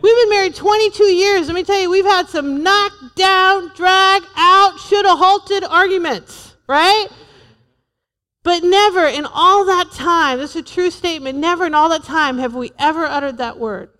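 A woman's voice: extremely high pitch, normal speed, pushed and bright, long reverb tail. A woman in her forties preaching a sermon to a church, humorous and emphatic, repeating her points. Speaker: pastor's wife preaching.

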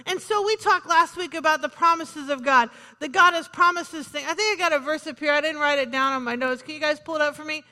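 A woman's voice: high voice, fast talker, hardly any pauses, bright, forceful tone, in a large hall. A woman pastor preaching a sermon in a conversational, joking way, punctuated by calls of "Amen.".

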